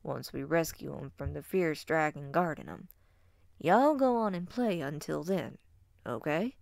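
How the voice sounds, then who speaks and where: A woman voicing a gentle wolf father with a drawl, soft and affectionate, in a storybook reading. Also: deep voice, lively intonation, measured pace, gravelly, dry recording, studio quality, exaggerated voice. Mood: fond.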